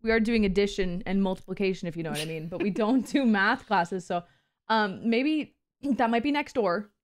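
In a casual livestream chat, a woman co-host speaks in a mid-range voice at an ordinary pace. She plays at being a teacher, keeping things crude, giggly and lighthearted.

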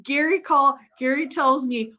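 A woman with a high voice hosts a live stream, chatting casually while watching a game, rambling, laughing a lot, and swearing freely. Her tone is pushed and bright, her pace measured, and the lo-fi recording sounds dull.

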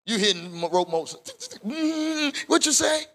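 A man a Bible study sermon in call-and-response style, rising to shouts at the peaks. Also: very high voice, very animated, a little slow. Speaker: pastor.

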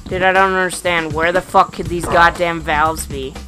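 A young man playing a video game with friends, cursing loudly in frustration as he comments. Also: on the high side, fairly even intonation, normal speed, faint music behind, poor audio. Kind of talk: casual let's-play commentary.

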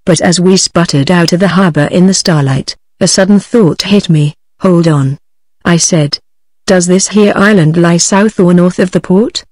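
A woman's voice: fairly low pitch, normal speed, dry recording. Synthetic British woman reading a book. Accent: British English. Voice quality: even synthetic delivery. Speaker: audiobook narrator. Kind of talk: text-to-speech book reading.

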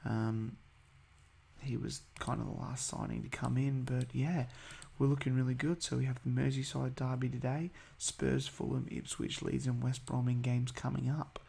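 A man's voice: mid-range voice, little pitch movement, normal speed, gravelly, warm tone, slightly rough. A man giving casual, hesitant commentary over a football management game, full of ums and uhs. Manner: chatty, hesitant, many ums. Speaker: gaming video host.

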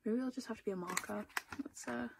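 A young woman talking casually as she unboxes, gushing over each item with quick gasps. Her fairly high voice carries a gravelly fry, with faint hiss behind it. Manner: chatty, gushing, frequent small gasps and laughs. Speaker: vlogger unboxing an album.

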